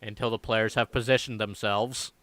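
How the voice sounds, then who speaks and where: A man's voice: fairly low pitch, fairly even intonation, normal speed, fairly bright tone, no room sound. A man running a live tabletop game as game master, chatting casually with players and swearing often. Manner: casual, profane, laughing asides to players. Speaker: dungeon master.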